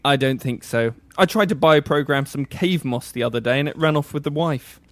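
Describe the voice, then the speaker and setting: A man's voice: on the high side, fairly quick, no echo, close to an everyday voice. A man playing a timid one-armed reptile-person job seeker in a comedy sketch, with a meek, sheepish and hesitant manner.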